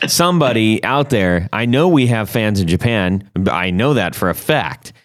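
A man's voice: fairly low pitch, expressive, moderate pace. A man hosting an interview, reacting to the guest with surprised interjections and steering to the next question. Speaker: podcast host. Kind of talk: casual interview.

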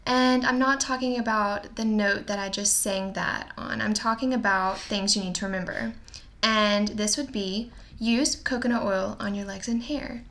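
A woman's voice: mid-range voice, fairly even intonation, normal speed, a bit bright. A young woman co-hosting a podcast, chatting casually in a playful, joking and upbeat way. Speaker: podcast co-host. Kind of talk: casual chat.

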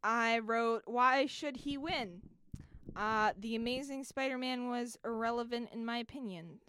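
A woman's voice: fairly high pitch, a little slow, pushed and bright, slight background noise. A young woman co-hosting a podcast in casual chat, wry and laid-back, laughing easily. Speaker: podcast co-host.

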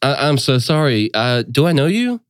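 A man's voice: medium pitch, big pitch swings, moderate pace, clear, resonant tone, no room sound, studio quality, pitched above the performer's own voice, natural voice. A man voicing a friendly adult woman, the sister of one of the heroes, in a tabletop game. She talks in a cheerful, welcoming, breezy way. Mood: polite.

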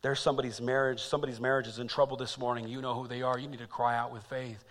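A man preaching a sermon as pastor, dropping to quiet reflection and rising to loud, repeated calls. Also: mid-range voice, level tone, fast, long reverb tail. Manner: swings from hushed to loud and emphatic; repeats phrases for emphasis.

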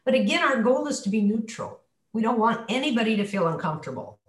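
A woman's voice: fairly high pitch, animated, quick pace, echoey room. A woman voice coach leading a coaching session, demonstrating her points with her voice. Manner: demonstrative, shifts her voice to show examples. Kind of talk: coaching session on a video call.

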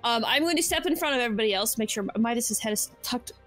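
A woman's voice: a little high, lively intonation, fast talker, fairly bright tone, soft background music. A woman playing a tabletop game, blunt and exasperated, swearing freely. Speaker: player. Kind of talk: casual tabletop play.

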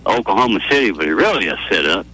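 A man calling in to a sports talk radio show, talking in a slow, deadpan, rambling way. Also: deep voice, breathy edge, low-quality recording. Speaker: caller. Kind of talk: call-in chat.

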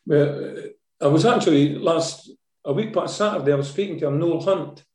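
A Scottish man with a mellow, warm voice tells animated stories from his football management days, often ending sentences with "eh?". He is recorded in an echoey room. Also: on the high side, normal speed. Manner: lively storyteller, tags sentences with "eh?". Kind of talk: anecdotal interview storytelling.

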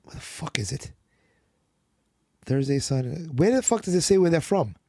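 A man co-hosting a podcast, chatting casually about songs with rambling restarts, swearing often, his voice hoarse and worn out. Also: a little high, expressive, moderate pace, dark tone, dry recording, studio quality. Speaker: podcast co-host. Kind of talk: casual chat about music.

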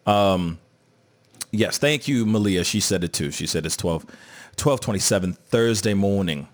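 A man's voice: fairly low pitch, animated, a little slow. A man hosting a live stream, chatting casually and joking while he reads viewer comments aloud. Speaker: host of a live entertainment news stream.

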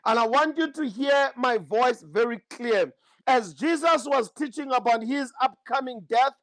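High-pitched male preacher, fervent prophetic delivery, dry close sound. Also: no echo, low-quality recording. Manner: fervent, repeats praise phrases. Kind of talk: prophetic sermon and prayer.

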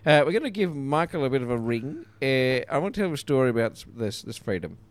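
A man co-hosting a comedy podcast, cracking deadpan absurd jokes in improvised banter. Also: medium pitch, fast.

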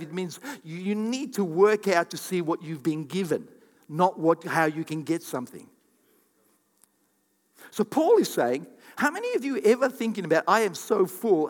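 Guy pastor preaching, lively, acts out voices, big hall echo. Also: a little high. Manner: animated, acts out quoted voices, repeats for emphasis. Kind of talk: sermon. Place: church hall.

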